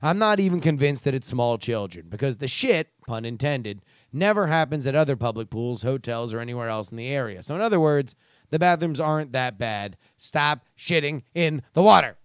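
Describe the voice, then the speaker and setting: Reading listener emails on his casual commentary show, a podcast host rants with sarcasm and profanity. His mid-range voice is smooth and animated, and he talks a little fast. The recording is clean studio sound without echo.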